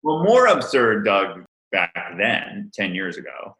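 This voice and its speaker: A middle-aged man from Rhode Island with no regional accent, telling stories with an animated, laughing manner as an interview guest. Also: lowish voice, takes it slowly, echoey room, rough recording. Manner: animated storytelling with frequent laughs. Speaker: event planner guest. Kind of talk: casual interview chat.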